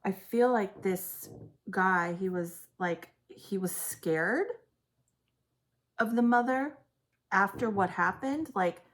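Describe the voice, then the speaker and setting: A woman giving an intense psychic reading to camera, halting and trailing off as she speaks. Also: medium pitch. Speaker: psychic reader. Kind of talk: intuitive reading on video.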